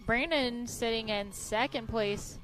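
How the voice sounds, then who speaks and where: Woman from tennessee, race co-commentator, bubbly, higher voice, faint noise behind. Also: slow pace. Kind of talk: casual live race commentary.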